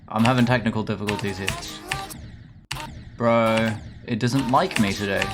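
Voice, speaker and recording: A man's voice: lowish voice, animated, a little slow, pauses often. A man with an English accent, chatting through a live game stream. He rambles and rants, swearing freely as he plays. Faint game music runs behind his voice. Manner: profane, rambling and ranting.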